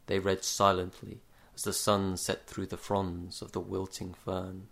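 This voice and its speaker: A man narrating a comic short story in a dry, measured deadpan. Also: low-pitched, gravelly. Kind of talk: story reading.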